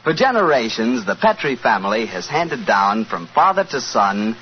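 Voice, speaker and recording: A man's voice: mid-range voice, big pitch swings, normal speed. A man announcing in 1940s radio style, with a breezy, jokey sales patter. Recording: dull old radio broadcast with faint hiss.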